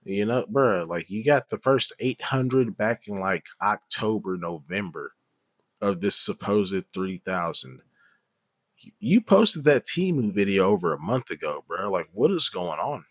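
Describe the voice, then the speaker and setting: Streamer type: low-voiced man, dry close sound, blunt and scornful reactions. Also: very animated, unhurried, no room sound. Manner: blunt, mocking and exasperated. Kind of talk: profane reaction commentary.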